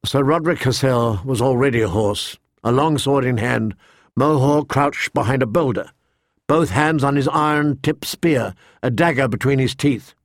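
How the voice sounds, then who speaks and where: A man narrating a fantasy audiobook in an even, measured storytelling voice. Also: medium pitch, no echo, studio quality. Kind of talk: scripted narration.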